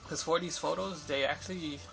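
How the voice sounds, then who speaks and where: A man's voice: fairly high pitch, steady tone, a little fast, creaky, poor audio. A young man in a casual vlog, recounting an interview with photographers in a rambling way, full of fillers and restarts. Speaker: vlogger. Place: Los Angeles area. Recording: music playing behind.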